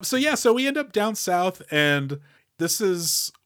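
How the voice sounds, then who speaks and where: A man's voice: high-pitched, sing-song, unhurried, a bit bright, no room sound, clean studio sound. A man co-hosting a casual movie podcast, explaining film techniques in a loose, filler-heavy way. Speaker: podcast co-host.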